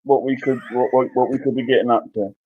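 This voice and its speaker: A man speaks over a video call in a halting, mumbly way. The audio is dull and lo-fi, so he is hard to make out. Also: medium pitch, fairly even intonation, slightly rough. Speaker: guest of honour.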